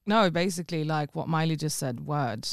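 A woman's voice: deep voice, expressive, moderate pace, no echo, studio quality. A young woman co-hosting a casual podcast, laid-back and agreeable. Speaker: podcast co-host. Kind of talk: casual chat.

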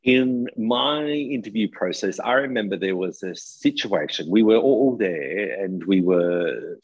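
A man co-hosting a casual podcast, with a husky voice. He tells stories animatedly, his pitch swinging a lot, and the sound is dry and close. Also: a little slow, no room sound, lo-fi sound. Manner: animated storyteller, jokey. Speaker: podcast co-host, former cooking show contestant. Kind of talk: casual chat.

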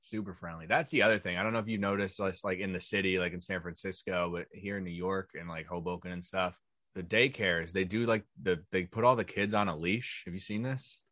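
Young male podcast co-host, low and bright, dry close sound, wry observational. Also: steady tone, brisk, no echo. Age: young adult. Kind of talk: casual comedic chat. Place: New York area.

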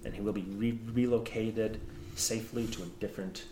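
A man running a tabletop game, giving a grave in-character briefing with halting restarts. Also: lowish voice, steady tone, mellow, slight background noise. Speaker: game master. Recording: echoey room.

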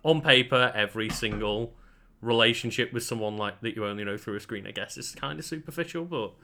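A man's voice: mid-range voice, brisk, bright, forceful tone, a little hiss or hum. A man co-hosting a podcast, thinking aloud in casual chat, hesitant and repeating words. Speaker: podcast co-host.

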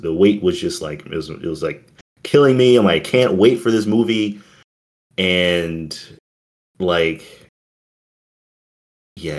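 A man co-hosting a casual chat, rambling and gushing as he talks about a film. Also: low voice. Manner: rambling, gushing fan talk.

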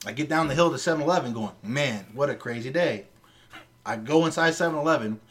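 A man co-hosting a casual podcast, telling a story in a lively, profane way. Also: medium pitch, fast. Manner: animated storyteller, swears freely. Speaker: podcast co-host.

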